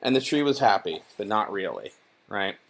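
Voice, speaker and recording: A man's voice: fairly low pitch, sing-song, moderate pace, vocal fry, fairly bright tone, slight background noise. A young man casually reading through a children's book on camera, mocking it with profane, rambling, sarcastic asides full of fillers. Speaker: YouTuber reviewing a children's book.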